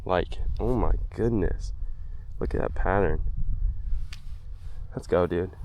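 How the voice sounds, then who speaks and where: A man vlogging outdoors by the water while fishing, talking casually and breaking into excited exclamations. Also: sits low, slow pace, slight background noise. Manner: excitable, keeps exclaiming, breathless bursts. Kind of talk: casual outdoor vlog commentary.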